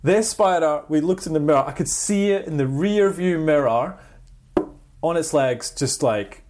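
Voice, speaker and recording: Man, co-host, casual chat, animated storytelling, keeps asking "right?". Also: fairly high pitch, moderate pace, noisy background. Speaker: podcast co-host.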